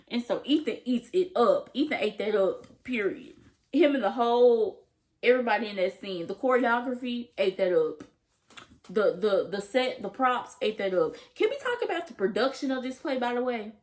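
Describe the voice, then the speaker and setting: A young woman vlogger recapping a TV episode in a gushing, slangy way, acting out the characters' lines as she goes. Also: fairly high pitch. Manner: gushing, slangy, acts out quotes. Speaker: TV review vlogger. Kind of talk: animated casual recap.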